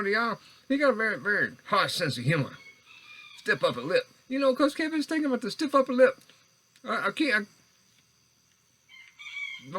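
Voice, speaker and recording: A man's voice: high voice, bright, forceful tone, low-quality recording. A man talking alone into a recorder in a meandering, stammering monologue full of restarts. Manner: meandering, stammering, frequent restarts and self-corrections. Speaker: vlogger. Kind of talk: rambling monologue. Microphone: handheld recorder.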